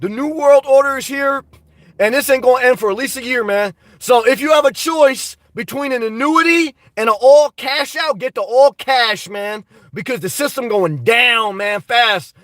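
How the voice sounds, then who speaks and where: Rambling high-voiced man with a dry cough. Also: normal speed, a bit bright, no echo, distant mic. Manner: rambling, blunt, talks back to chat comments. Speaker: live-stream host reading viewer comments. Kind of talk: casual live-stream chat. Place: inside a car.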